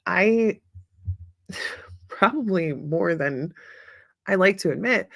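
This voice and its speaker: A middle-aged woman hosts her own podcast in a loose, upbeat chat, laughing often along the way. Her voice sits at a middling pitch with a gravelly, fry-touched edge. The recording is dry and close, with no room sound. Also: dry recording. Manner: chatty, upbeat, laughs often, many fillers. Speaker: podcast host. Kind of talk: casual solo talk with listener comments.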